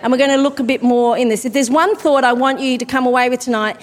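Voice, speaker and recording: A woman's voice: high-pitched, fairly even intonation, quick pace. A woman preaching a sermon in a chatty, self-deprecating way, breaking off for asides to the congregation. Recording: long hall reverb.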